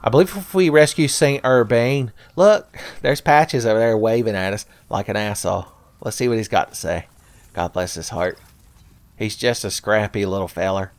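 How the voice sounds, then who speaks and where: A man's voice: lowish voice, moderate pace, no echo. Sarcastic man doing profane game commentary. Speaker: gameplay commentator. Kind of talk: Let's Play commentary.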